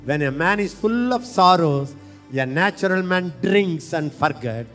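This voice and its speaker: Guy preaching, slightly high voice, slow dragged out lines, bit of music in the back. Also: lively intonation, fairly bright tone. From India. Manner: impassioned, leads call-and-response with slow, stretched phrases. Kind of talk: sermon.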